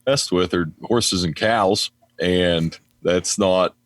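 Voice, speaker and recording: A man's voice: deep voice, takes it slowly, slight background noise. Cussing West Virginian man telling stories. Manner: profane, storytelling, acts out his own talk to dogs. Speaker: podcast guest, mail carrier. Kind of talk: casual chat.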